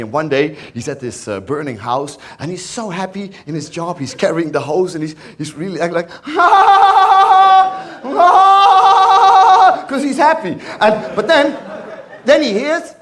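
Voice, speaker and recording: Stammering Dutch stand-up comedian. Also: male voice, on the high side. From Netherlands. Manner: halting, stammering repetitions, deadpan absurd. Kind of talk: stand-up storytelling. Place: stage.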